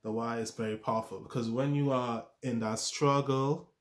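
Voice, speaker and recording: A man's voice: mid-range voice, steady tone, moderate pace. A man giving a self-improvement talk, coaching with rhetorical questions and often stumbling and restarting his words. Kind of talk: motivational talk to camera.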